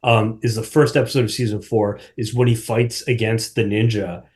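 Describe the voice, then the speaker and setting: A man's voice: on the low side, steady tone, normal speed, a little mellow. A man talking as a guest on a casual podcast, rambling with lots of fillers and restarts, often breaking into laughter. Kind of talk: casual chat.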